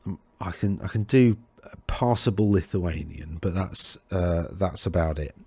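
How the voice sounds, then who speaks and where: A man's voice: sits low, measured pace, dark tone, slightly rough, dry recording. A man hosting a tabletop wargame talk, rambling and correcting himself as he browses lists, with a tickly throat. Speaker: host of a tabletop wargame podcast. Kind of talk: casual talk over game lists.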